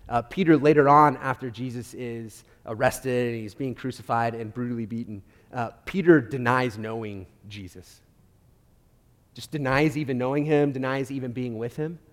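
A man's voice: mid-range voice, moderate pace. Man preaching in a reverberant hall. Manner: animated storytelling, with frequent restarts and swings between loud and quiet. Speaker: pastor. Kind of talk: sermon.

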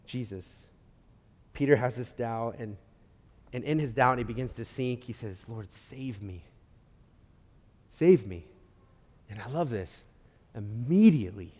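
A man preaching a sermon at a mid pitch, with a long reverb trailing after his words. He tells the story with feeling, rising loud for emphasis and then dropping to a hush. He often stumbles and restarts his phrases. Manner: animated storytelling, with frequent restarts and swings between loud and quiet. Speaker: pastor.

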